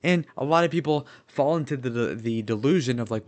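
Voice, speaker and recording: A man's voice: mid-range voice, lively intonation, normal speed, hardly any pauses. A young man in his twenties chatting casually on a livestream, rambling with lots of fillers and swearing. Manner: rambling, filler-heavy, profane.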